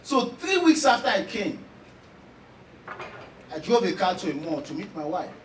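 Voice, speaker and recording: Nigerian male stand-up comic, very high pitched, loud and animated, recorded from a distance in a roomy space. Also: normal speed, a little hiss or hum. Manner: animated, loud storytelling with laughs and shouts. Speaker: stand-up comedian. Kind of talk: stand-up comedy.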